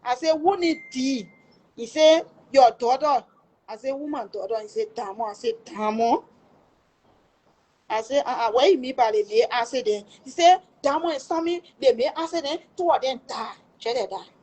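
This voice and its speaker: Her pitch is high, her pace moderate and her tone somewhat dark, captured on a low-quality recording. This middle-aged Liberian English speaker emotionally relates a family tragedy, voicing the dialogue with exclamations.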